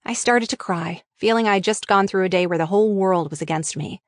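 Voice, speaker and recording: A woman reads her own memoir aloud in a frank, wry voice, swearing freely. Her pitch sits in the middle range. The recording is dry and close, with no room sound. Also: fairly quick, dry recording. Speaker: author reading her memoir. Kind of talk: audiobook memoir narration.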